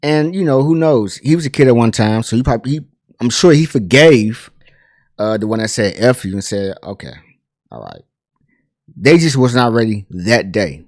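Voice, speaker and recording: A man's voice: medium pitch, normal speed, no echo, studio quality. Chatty man telling a pop culture story. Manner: animated, chatty, lots of fillers and asides. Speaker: host.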